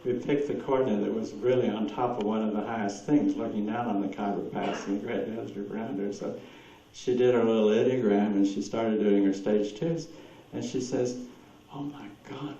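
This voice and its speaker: A man's voice: fairly low pitch, fairly even intonation, brisk, hardly any pauses, mellow. Guy rambling through anecdotes at a talk, laughs a lot, far off mic in a big echoey room. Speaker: speaker answering audience questions. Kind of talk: lecture with audience Q&A. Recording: distant echoey room, dull lo-fi with hiss.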